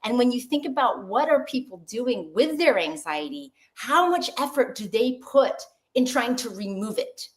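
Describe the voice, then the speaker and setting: A woman doctor giving an online webinar talk in a lively, conversational way, asking the audience questions. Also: on the high side, moderate pace, few pauses.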